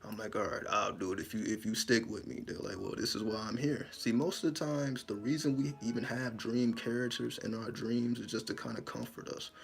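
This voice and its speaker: A man in casual talk, telling a vivid dream story in an animated, profane way and acting out his own scared lines. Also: mid-range voice, brisk, creaky, few pauses. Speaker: spiritual storyteller.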